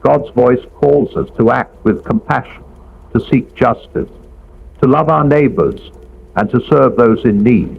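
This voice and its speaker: Gravelly man narrating a devotional script. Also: medium pitch, unhurried. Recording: dull lo-fi audio with faint background noise.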